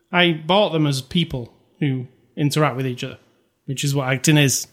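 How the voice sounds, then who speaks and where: Chatty man reviewing movies, slightly high voice. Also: moderate pace, fairly bright tone. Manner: rambling, conversational, many fillers and restarts. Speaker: podcast co-host. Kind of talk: casual movie review chat.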